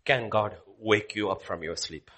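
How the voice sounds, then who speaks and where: A man preaching a sermon, swinging from loud declaiming to hushed whispers. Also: fairly low pitch, a little slow.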